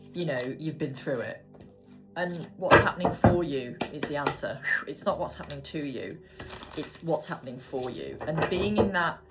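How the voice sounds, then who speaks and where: Woman, low voice, chatty tarot reader, casual swearing, faint music behind. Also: a bit bright. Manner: chatty, swears casually, murmurs card names. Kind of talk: casual tarot card reading.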